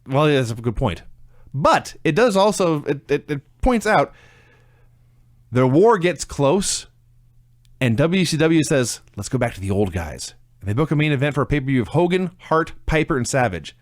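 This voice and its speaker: A man's voice: fairly high pitch, very animated, normal speed, no echo. Dry-humored man recapping wrestling. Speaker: podcast co-host. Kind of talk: casual chat recapping wrestling.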